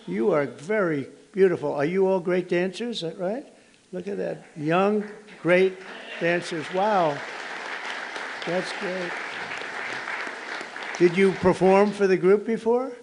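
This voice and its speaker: A man's voice: sits high, takes it slowly, creaky, pauses often, crowd noise, background noise. An American man in his seventies giving a rambling ceremonial speech at a podium indoors, wandering into teasing asides to guests in the room. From United States. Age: 70s. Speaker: head of state hosting a ceremony. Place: formal indoor reception room.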